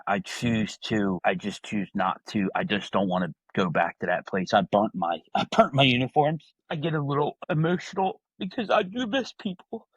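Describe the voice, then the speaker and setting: A man's voice: fairly low pitch, a bit bright, no room sound, low-quality recording. A man, talking candidly and earnestly as a podcast guest, often tacking "man" onto his sentences. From New Jersey. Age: 50s. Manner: earnest, heartfelt, repeats "man" often, many restarts. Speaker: podcast guest, retired correctional officer. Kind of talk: candid personal interview talk.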